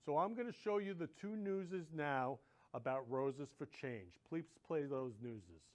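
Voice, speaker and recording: Effusive middle-aged male host, a touch high-pitched, gushing monologue. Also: animated, a little slow. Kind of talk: casual monologue to viewers.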